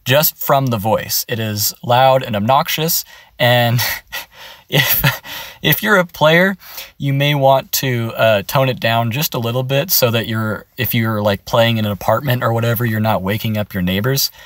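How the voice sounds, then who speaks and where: A man's voice: medium pitch, a little slow, a bit bright, no room sound. Guy teaching character voices from his car, upbeat, step by step, dry and close. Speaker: voice acting tutor. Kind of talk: casual tutorial.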